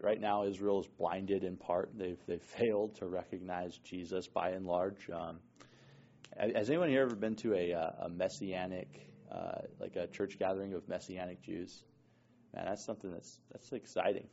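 A man's voice: low voice, creaky, warm tone, muffled recording. A man preaching a conversational sermon to a congregation, often checking in with 'right?' as he explains scripture.

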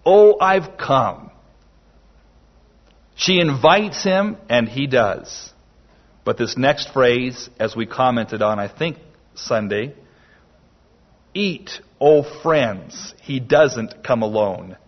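A man preaching a sermon slowly and emphatically, with dramatic pauses. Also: medium pitch, animated. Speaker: pastor. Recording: dull lo-fi sermon recording.

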